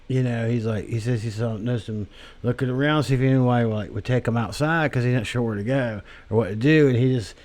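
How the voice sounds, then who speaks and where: A man's voice: medium pitch, fast, a little mellow. A man delivering a rambling, profane solo monologue with crude language, drifting tangents and many fillers. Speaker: podcast host.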